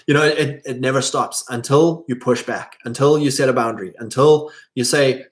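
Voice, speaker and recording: A man's voice: mid-range voice, normal speed, few pauses. A man hosting his own video, delivering a blunt, provocative, preachy monologue. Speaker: video host. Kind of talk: monologue to camera.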